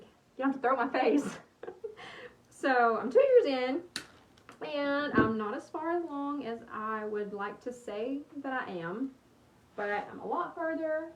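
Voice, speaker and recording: A woman in her thirties from East Texas with a Texan accent, chatting casually and thanking viewers by name while she crafts on a livestream. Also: fairly high pitch. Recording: echoey room, mic at a distance, faint hum.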